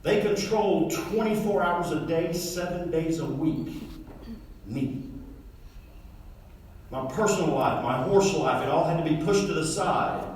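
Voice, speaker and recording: A man's voice: fairly high pitch, unhurried, long pauses, darkish tone, a little hiss or hum. Folksy man in an echoey hall. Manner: folksy storytelling, acting out dialogue with his father. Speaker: motivational speaker. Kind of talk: motivational speech to a live audience. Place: large hall with an audience. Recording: echoey hall, mic far off.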